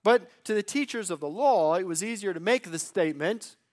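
A man preaching a sermon in earnest, swinging between loud emphasis and quiet, drawn-out phrases. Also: high-pitched, animated.

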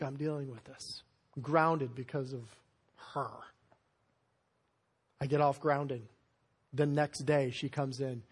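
A man preaching a sermon as pastor, telling stories in an animated way with sudden loud bursts. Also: medium pitch, slow pace, pauses often, breathy edge.

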